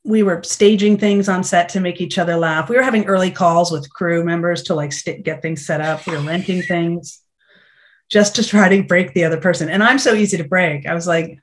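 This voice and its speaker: A middle-aged actress chatting as an interview guest, telling lively stories and acting out what people said. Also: female voice, fairly low pitch, fairly quick. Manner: animated storytelling, acts out quotes. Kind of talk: casual interview chat.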